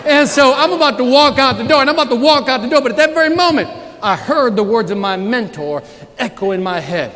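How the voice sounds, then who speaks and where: A man's voice: extremely high pitch, brisk. A man giving a live motivational sales keynote, telling stories and working the crowd with call-and-response. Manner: animated storyteller, works the crowd with call-and-response. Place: large event hall with a live audience. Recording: reverberant hall, live audience, faint noise.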